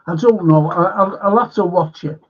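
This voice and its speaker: A man's voice: high-pitched, normal speed, slightly rough, highs cut off. A man hosting a film and TV review livestream, talking bluntly and swearing often as he rambles on, frustrated and in pain. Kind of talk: casual livestream chat.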